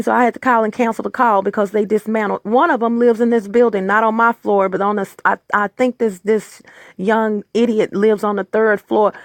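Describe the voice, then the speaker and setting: A woman's voice: mid-range voice, creaky, no echo. A woman hosting her own video, delivering a heated, exasperated rant full of stammers and restarts. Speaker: vlog host. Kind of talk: angry personal rant.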